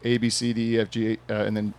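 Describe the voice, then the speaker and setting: A man's voice: lowish voice, completely flat delivery, fast talker, darkish tone. A Canadian man hosting a casual talk show in a bar, telling rambling jokey stories with lots of fillers. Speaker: podcast host. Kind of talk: casual chat. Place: bar with a small studio audience.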